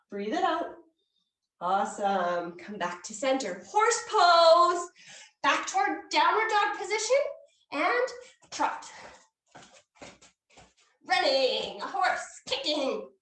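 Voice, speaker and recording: A woman's voice: very high voice, fairly bright tone. A woman yoga instructor leading a playful, encouraging children's yoga class at an indoor fair, with cheery whoops. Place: indoor hall at a public fair. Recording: echoey room, voice from far off.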